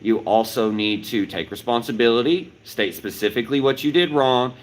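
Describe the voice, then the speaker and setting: A man's voice: mid-range voice, normal speed, low-quality recording. A middle-aged man, a martial arts instructor, explaining step by step in a livestreamed talk and checking in with "right?" as he goes. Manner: explanatory, repeats key points with "right?".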